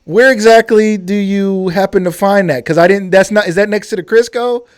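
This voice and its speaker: A male host of a live cooking stream, playful and quick to joke. He teases his guest and reads out viewer comments with plenty of energy. His voice sits slightly high. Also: clear, resonant tone. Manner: playful, joking, excitable.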